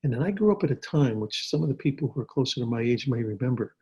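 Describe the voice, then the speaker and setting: An older man, an actor, telling stories in a relaxed interview from his home over a video call, with frequent restarts and repeated words. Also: medium pitch, fast talker, breathy edge, dull audio. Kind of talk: casual storytelling interview.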